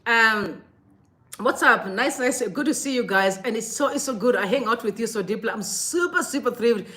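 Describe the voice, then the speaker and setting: A woman's voice: a little high, animated, moderate pace, bright, forceful tone. A woman hosting a casual livestream, chatty and effusive, often breaking into laughter. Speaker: livestream host.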